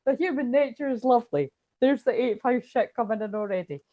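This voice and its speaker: A woman's voice: on the high side, brisk, dark tone. A Scottish woman talking casually at home as a tarot reader, rambling and laughing often. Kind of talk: casual livestream chat.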